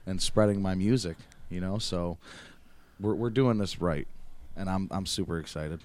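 A man's voice: deep voice, normal speed, darkish tone. A man talking as a guest musician in a casual interview. He speaks earnestly and eagerly, often restarting his sentences. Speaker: musician guest, band member.

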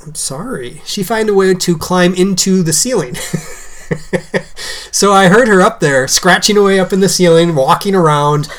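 A woman with a notably low voice co-hosts a podcast in easygoing chat. She jokes and teases her partner, laughing often as she tells stories. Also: moderate pace. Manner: jokey, teasing, laughs often. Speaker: podcast co-host. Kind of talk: casual chat.

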